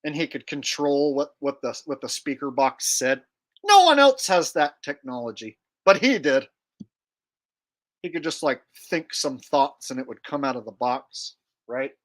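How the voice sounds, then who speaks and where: A man's voice: mid-range voice, very animated, unhurried. A man hosting a livestream in casual chat, crude and rambling as he jokes around. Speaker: livestream host.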